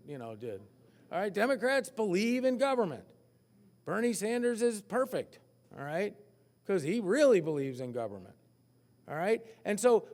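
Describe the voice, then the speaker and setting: A man speaking as an economist at a forecast breakfast, animated, asking the audience questions and poking fun at himself. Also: sits high, big-room sound. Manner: animated, asks the crowd questions, self-mocking. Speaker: economist giving a keynote. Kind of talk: lively forecast speech to an audience.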